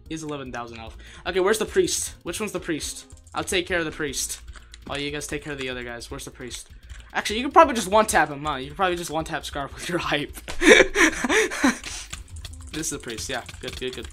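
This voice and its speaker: A streamer giving live gameplay commentary, excitable and jokey, laughing often and repeating phrases. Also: mid-range voice, normal speed, slight background noise. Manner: jokey, self-deprecating.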